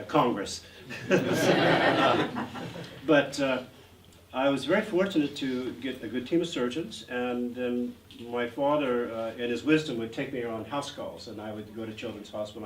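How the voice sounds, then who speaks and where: A man's voice: mid-range voice, normal speed. A man in his sixties recounts his career as a guest in an interview, rambling with frequent fillers. He is recorded from a distance in a reverberant gallery with faint background noise. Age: 60s. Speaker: actor guest. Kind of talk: anecdotal interview storytelling. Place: art gallery event.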